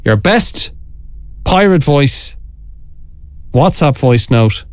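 An upbeat man presenting a radio show in an energetic, sing-song announcing voice. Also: medium pitch, very slow, no echo. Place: radio studio. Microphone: studio mic.

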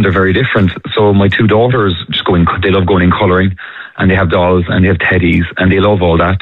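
Low-voiced man on a phone line. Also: dry recording. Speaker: caller. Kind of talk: casual radio phone-in chat.

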